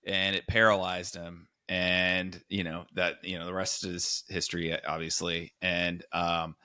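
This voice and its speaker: Brief: male podcast host, animated storyteller, bright tone, dry close sound. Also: deep voice, a little slow, smooth, no room sound. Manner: animated storyteller, acts out quotes. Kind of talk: casual chat, storytelling.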